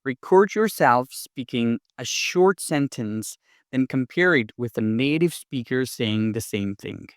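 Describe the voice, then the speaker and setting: Male language teacher, unhurried delivery, dry close sound, instructive scripted tone. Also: medium pitch, expressive, dry recording. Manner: clear, deliberate, instructive delivery. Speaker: English teacher. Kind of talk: scripted lesson narration.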